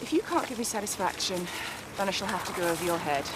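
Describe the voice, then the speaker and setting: A woman's voice: on the low side, expressive, fast talker, very noisy, natural voice. An actress playing a furious woman customer, cutting and indignant in a TV soap scene. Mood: angry. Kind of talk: TV soap acting.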